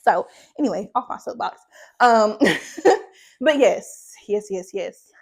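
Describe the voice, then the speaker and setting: A woman's voice: medium pitch, expressive, takes it slowly, slightly rough. A young woman chatting casually in a faith vlog, rambling, saying "like" often and laughing between thoughts. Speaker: faith vlogger.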